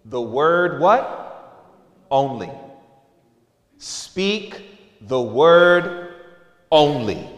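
A male preacher giving a sermon, telling stories and acting out the voices of the people in them. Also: a little high. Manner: lively storytelling with acted-out voices. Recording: echoey hall.

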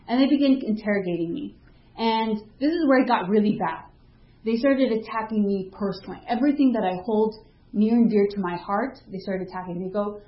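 A woman's voice: mid-range voice, moderate pace, reverberant, highs cut off. A woman giving a personal faith testimony in a casual, storytelling way, acting out what people said to her. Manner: vivid storytelling, acting out quoted dialogue; casual, with frequent fillers like "like". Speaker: speaker sharing a personal testimony.

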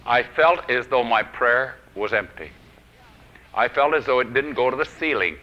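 A man preaching a sermon, telling a personal story and swinging from loud declarations to hushed whispers. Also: mid-range voice, animated, normal speed. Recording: dull lo-fi old recording.

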